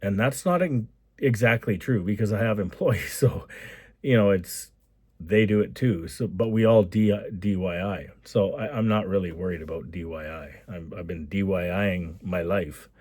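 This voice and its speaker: Man from Alberta, Canada, casual vlog monologue, rambling and enthusiastic, lowish voice, dry close sound. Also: moderate pace, darkish tone, breathy edge, dry recording. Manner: rambling and enthusiastic, with repeated asides. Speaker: construction company owner.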